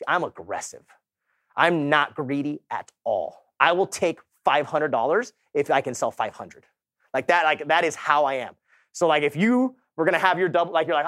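A middle-aged man telling a lively real estate story to a summit audience in casual slang, acting out the dialogue. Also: a little high, fairly quick, no echo, clean studio sound. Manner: animated, slangy, acts out quoted dialogue. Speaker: real estate agent giving a talk. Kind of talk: energetic motivational storytelling. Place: stage at a sales summit.

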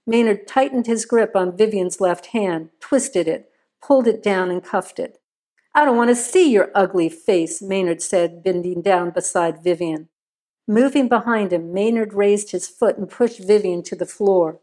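A woman reading a crime story aloud in a steady, measured narration. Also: medium pitch.

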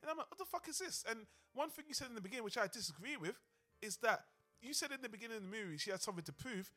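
A man's voice: high-pitched, lively intonation, racing, sharp tone, faint music behind. A man co-hosting a film podcast, talking casually and animatedly, swearing freely and acting out lines from the movie. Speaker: podcast co-host.

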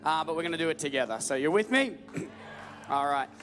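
High-voiced Southern preacher in echoey hall. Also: male voice, brisk. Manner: energetic call-and-response preaching, rising to loud emphatic repetition. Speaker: pastor. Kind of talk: sermon. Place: large church hall with live audience. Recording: echoey church hall with faint music.

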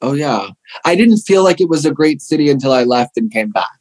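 A man's voice: on the high side, animated, brisk, a little mellow. A young man from Pittsburgh, an actor, chatting casually in an interview, rambling with lots of fillers and restarts. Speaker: actor guest.

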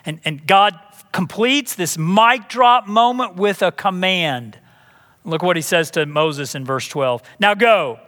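Guy pastor preaching, high bright voice, lots of repeating himself, big hall echo. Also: takes it slowly. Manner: emphatic, conversational preaching with repeated words. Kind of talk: sermon. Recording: long hall reverb.

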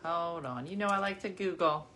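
A woman in her forties hosting a casual chat with viewers from her living room, chatty and animated, jumping from topic to topic. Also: on the low side, moderate pace, slight background noise. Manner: chatty, animated, jumps between topics and laughs often. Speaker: livestream host.

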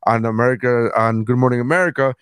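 A man's voice: medium pitch, fast, a bit bright, clean tone, dry recording. A man co-hosting a casual comedy podcast, telling stories and acting out the people in them, swearing often. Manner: storytelling, acts out quoted people, swears often. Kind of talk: casual chat.

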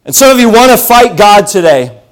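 A man preaching a sermon, telling a story with animated swings between loud calls and hushed asides. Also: high-pitched, moderate pace.

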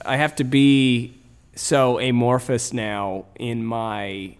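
A Canadian man talks casually as a podcast guest, his voice sitting in an ordinary middle pitch. He rambles in a laid-back way and lets his sentences trail off quietly. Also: level tone, takes it slowly, smooth.

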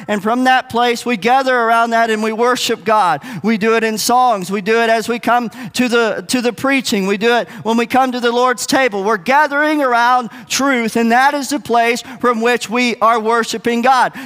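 A man's voice: very high-pitched, a bit bright, clean tone, long reverb tail. A man preaching a sermon in an earnest, conversational way, asking the congregation rhetorical questions. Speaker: pastor. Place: church sanctuary.

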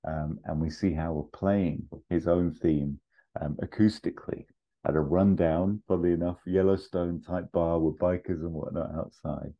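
A man hosting a podcast, pitching a film sequel in a casual, rambling way with lots of fillers. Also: steady tone, moderate pace, muffled recording.

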